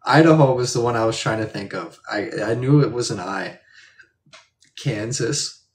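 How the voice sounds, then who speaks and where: A man's voice: medium pitch, normal speed. A man streaming live, rambling in a laid-back, jokey way while chatting and reading viewer comments. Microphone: distant from the mic. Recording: echoey room, distant mic.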